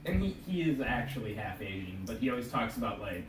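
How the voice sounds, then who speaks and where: A man's voice: mid-range voice, big pitch swings, brisk, a loud crowd. A man chatting as a podcast guest, rambling through his story with many restarts. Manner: rambling, full of restarts and fillers. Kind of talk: casual chat. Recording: echoey room, distant mic, faint hum.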